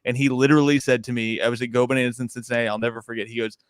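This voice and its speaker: A young man, a stand-up comedian, chatting casually on a podcast, animated and laughing often. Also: medium pitch, rapid-fire, clean tone, dry recording, studio quality.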